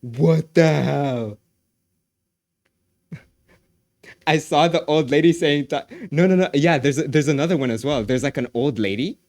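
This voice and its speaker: A man livestreaming, chatting casually with his viewers, excitable and repeating phrases as he laughs often. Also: on the high side, moderate pace, no room sound.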